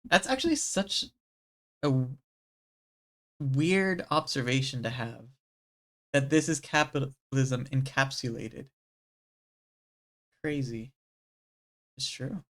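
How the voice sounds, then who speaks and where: A streamer reads a game's dialogue aloud on a live stream. The voice sits in a middle pitch and stays animated, jumping to loud outbursts and then sinking into a low, murmured reading tone. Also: takes it slowly, pauses often.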